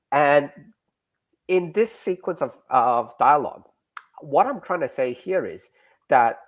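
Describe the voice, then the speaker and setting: A man explaining his craft in a relaxed interview, rambling and self-deprecating. His pitch swings widely from line to line. He sounds animated throughout. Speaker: comic creator, interview guest. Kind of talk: explaining in a casual podcast interview.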